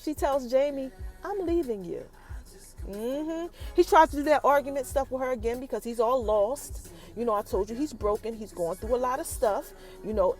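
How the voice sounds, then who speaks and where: A woman hosting a podcast, recapping a TV episode in a lively, chatty way and talking straight to her listeners. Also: a little high. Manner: animated, chatty, addresses listeners directly. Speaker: podcast host.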